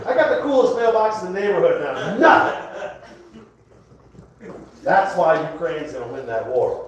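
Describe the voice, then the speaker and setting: High-pitched male stand-up, crude and rambling; distant, roomy club recording. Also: lively intonation, normal speed, long pauses, a crowd in the background. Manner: rambling, crude, self-mocking. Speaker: stand-up comedian. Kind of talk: stand-up comedy set. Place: comedy club, indoors. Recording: echoey club recorded from afar.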